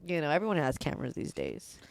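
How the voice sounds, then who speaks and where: A woman's voice: low voice, wildly swooping pitch, fast talker, creaky, dry recording. A young woman co-hosting a podcast, chatting casually and hesitating as she searches for words. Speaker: podcast co-host. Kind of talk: casual chat.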